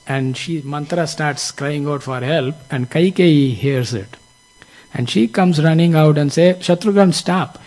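A man's voice: fairly high pitch, a little mellow, low-quality recording. A man teaching from a scripture story, explaining its lessons in a reflective, explanatory way. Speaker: spiritual teacher.

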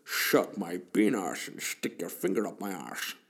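Man doing a slow, lisping, slurred impression of a suave film star, dropped low. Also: lively intonation, vocal fry, a bit bright, heavily acted. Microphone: podcast microphone.

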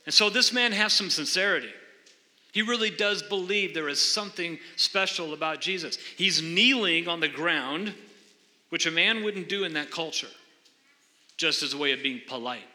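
A man's voice: a little high, normal speed, bright, forceful tone. A man preaching a sermon as pastor, earnestly explaining scripture and questioning his congregation in a church sanctuary. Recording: long hall reverb.

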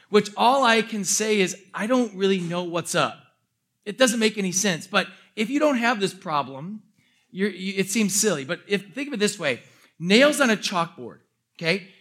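A male pastor preaching a sermon, telling animated, self-mocking stories with jokes. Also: sits high.

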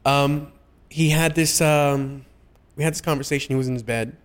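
A young adult man sharing personal stories in a casual, heartfelt conversation, often pausing and restarting his sentences. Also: on the high side, fairly even intonation. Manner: halting, many restarts and fillers.

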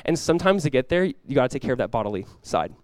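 A man's voice: medium pitch, big pitch swings, racing, no echo. A man preaching a sermon as pastor, talking casually with the congregation and rising into emphatic bursts.

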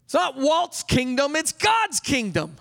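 A male pastor with a strikingly high, bright and forceful voice preaches with exuberance and bursts into yelling at times. He speaks at an unhurried pace and leads the congregation in call-and-response. His voice rings with the long reverb of a church hall. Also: wildly swooping pitch, creaky. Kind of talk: sermon. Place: church sanctuary.

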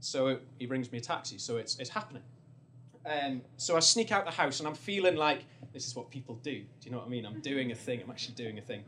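A man's voice: medium pitch, expressive, quick pace, a bit bright, slight background noise. A young man from North East England telling a funny personal story on stage, rambling and self-deprecating, with many restarts.

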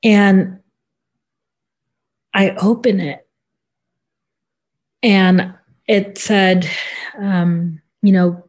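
A woman in an interview who gives a personal account in a halting, subdued way, with many pauses and fillers. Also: fairly low pitch, fairly even intonation. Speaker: interview guest.

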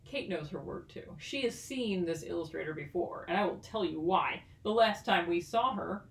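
A woman's voice: fairly low pitch, expressive, normal speed, creaky, distant mic. Woman podcast co-host, jokey and playful; echoey room, sits back from the mic. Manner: playful, jokey, laughs often. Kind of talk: casual chat.

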